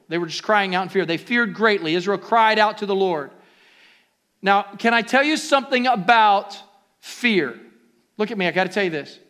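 Pastor guy preaching, high bright voice, goes quiet then loud and climbing. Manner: preaching with sudden loud rises and quiet asides. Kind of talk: sermon.

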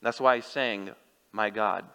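A man preaching an unhurried sermon in a bright, forceful voice. His earnest address to the congregation rings out with a long hall reverb, as in a church sanctuary. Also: fairly low pitch, vocal fry, clean tone. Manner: earnest direct address to listeners. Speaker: pastor.

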